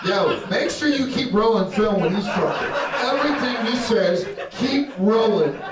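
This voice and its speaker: A man's voice: high-pitched, animated, a little slow. A young man doing a stand-up set, brash and profane, working the crowd and laughing at his own jokes. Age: young adult. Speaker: stand-up comedian. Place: comedy club stage. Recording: roomy live venue from a distance with crowd.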